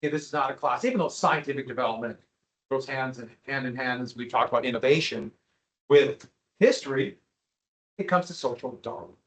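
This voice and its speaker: A man's voice: mid-range voice, brisk, a bit bright, low-quality recording. A male history teacher giving a classroom lecture, joking with his students and teasing them with questions.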